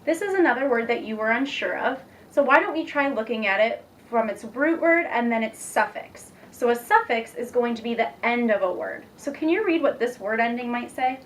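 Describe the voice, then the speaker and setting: A young woman teacher demonstrating a reading lesson, patient and encouraging, speaking slowly and clearly. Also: fairly high pitch, lively intonation. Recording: distant mic with faint background noise.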